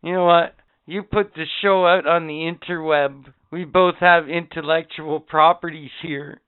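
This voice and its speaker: A man's voice: a little high, steady tone, unhurried, clean tone. A man co-hosting a podcast, boisterous and profane, laughing often and ranting in casual banter. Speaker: podcast co-host. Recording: tinny lo-fi recording.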